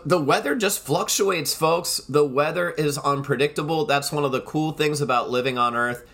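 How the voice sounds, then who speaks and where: A man's voice: medium pitch, a bit bright. A man hosting his own solo podcast, talking in a rambling, emphatic way and often turning to the listeners as "folks". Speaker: podcast host.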